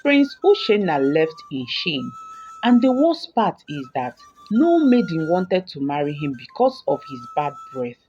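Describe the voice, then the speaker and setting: A woman telling a folktale as scripted storybook narration, in an expressive, dramatic way. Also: fairly low pitch, a little slow. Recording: dull recording with background music.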